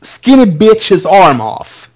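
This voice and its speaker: A man co-hosting a podcast in casual chat, jokey and quick to laugh. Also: sits high, big pitch swings, darkish tone. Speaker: podcast co-host.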